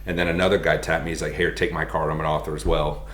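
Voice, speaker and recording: Brief: man in his thirties, very low voice, animated storyteller who laughs along, echoey room. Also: fast, slight background noise. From United States. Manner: animated, laughs as he tells stories. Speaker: podcast guest. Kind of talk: casual storytelling. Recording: roomy echo.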